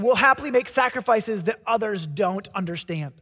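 A man with a very high voice preaches in a loose, conversational storytelling way. He often stumbles and restarts his phrases. A long hall reverb follows his words. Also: a little fast, hardly any pauses, fairly bright tone, slightly rough. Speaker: pastor. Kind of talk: sermon.

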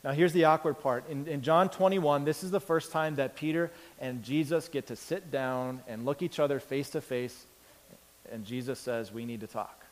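A man preaching a sermon, telling the story with lively acted-out voices and big swings from loud to quiet. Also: fairly high pitch, moderate pace, big-room sound. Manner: animated storytelling, acts out characters with big swings in loudness. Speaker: pastor.

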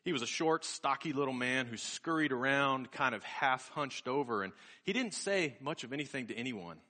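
Bright-voiced man preaching a story. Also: mid-range voice, animated, moderate pace. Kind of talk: sermon storytelling.

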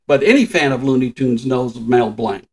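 A man's voice: medium pitch, animated, normal speed, a little mellow, poor audio. An older man in casual podcast chat, telling trivia stories with frequent chuckles. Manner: chatty storyteller, shares trivia, chuckles often. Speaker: podcast co-host.

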